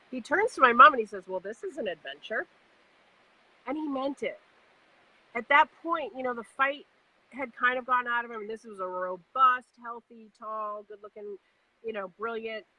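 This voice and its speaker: A woman's voice: fairly high pitch, sharp tone, low-quality recording. A woman hosting a podcast, speaking in a reflective, encouraging way. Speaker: podcast host. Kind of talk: casual heartfelt conversation.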